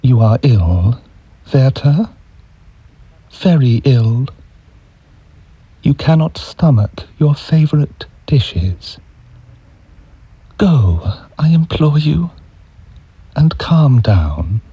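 A man reading the lines of a gentle, concerned young woman in a soft, imploring way, barely changing his own voice. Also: medium pitch, lively intonation, very slow, few pauses, husky, no room sound, dull audio, heavily acted.

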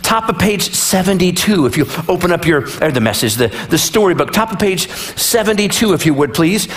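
Pastor, male, high voice; conversational sermon with rhetorical questions and jokes. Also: animated, a little fast.

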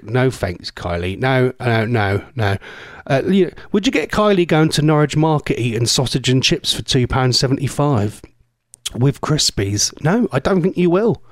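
A man's voice: medium pitch, animated, normal speed, no room sound, studio quality. A man presenting a radio show, chatting casually and teasing listeners in a rambling way. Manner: chatty, teasing, rambling with mock-posh asides. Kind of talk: casual chat with listener messages.

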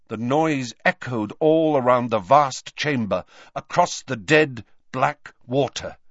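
An audiobook narrator reading scripted narration in a measured, expressive storytelling manner. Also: medium pitch, no echo, highs cut off.

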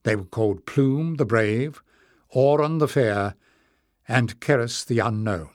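A man reading a fantasy audiobook as narrator, in a measured storytelling delivery. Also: medium pitch, dry recording, studio quality.

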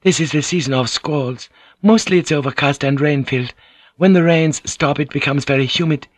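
A man doing a gracious young noblewoman with a raised, lighter voice. She speaks calmly and formally, gently teasing, in a dry studio audiobook read. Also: a little high, no echo, pitched above the performer's own voice, natural voice. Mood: calm, gentle. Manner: calm, measured, formal phrasing. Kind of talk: audiobook character reading.

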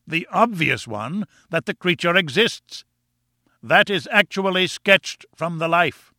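A man heavily acts a pompous older professor who lectures with open, scornful contempt, booming in a voice pushed well above his own, bright and forceful at the edges. He sounds triumphant and self-assured, expressive and slow with vocal fry. The recording is dry and close to the mic.

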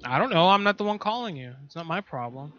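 A man's voice: on the high side, big pitch swings, quick pace, bright, forceful tone. A man making a prank phone call, acting belligerent and swearing. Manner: belligerent, swearing, mock-tough. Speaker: prank caller. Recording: dull lo-fi recording.

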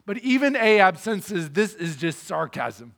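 A man with a high voice preaches a sermon, explaining scripture in plain, conversational terms. He speaks earnestly and with emphasis, pressing his points home. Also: very animated, measured pace, vocal fry, fairly bright tone. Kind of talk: sermon teaching through a Bible passage.

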